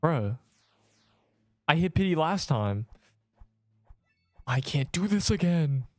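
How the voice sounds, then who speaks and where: A man's voice: a little high, sing-song, slow pace, no echo. Joking male streamer over faint music. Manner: joking, rambling, teasing viewers in chat. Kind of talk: casual gameplay livestream chat.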